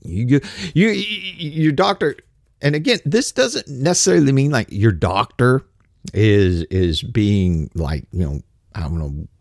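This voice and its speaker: A man's voice: mid-range voice, lively intonation, measured pace, dry recording, studio quality. A middle-aged man giving a rambling, skeptical, blunt casual monologue.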